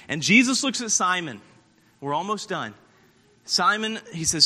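High bright-voiced man preaching in a hall. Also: very animated, measured pace, pauses often. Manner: earnest, emphatic, with repeated restarts. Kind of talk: sermon to children and youth. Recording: long hall reverb.

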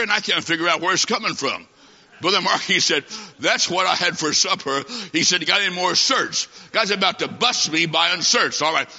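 A man preaching a humorous sermon, telling a comic story and acting out the dialogue with lively timing. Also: fairly high pitch. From half Italian. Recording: dull recording in a long-echoing hall.

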